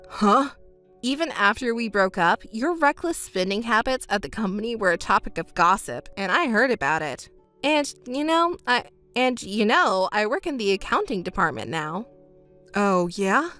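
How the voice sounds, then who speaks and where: A woman's voice: on the high side, big pitch swings, normal speed, fairly bright tone. A woman voicing a scripted text-story narration, cold and scolding, with faint music underneath.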